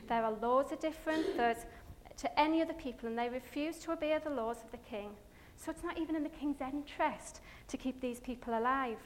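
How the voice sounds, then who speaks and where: A haughty, furious male courtier, arrogant and full of himself, his outraged demands sitting high above an ordinary speaking pitch, as a woman puts him on. He rants in indignant bursts, with a faint hiss of noise under the voice. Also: lightly acted. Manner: indignant, raging outbursts. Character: proud, arrogant, furious male royal official.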